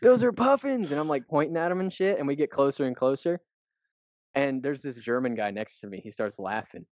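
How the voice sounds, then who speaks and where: Co-hosting a podcast, a man from the US rambles through a travel anecdote, swearing now and then. He speaks fairly quickly in a mid-range voice with no room sound, on dull, dry lo-fi audio.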